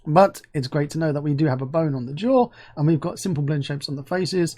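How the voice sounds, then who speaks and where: A man with a slightly high voice talks his way through a software review. He is chatty and easily excited, and he thinks aloud as he clicks around. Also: a little fast, few pauses. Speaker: game asset reviewer. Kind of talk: casual screen-recorded software review.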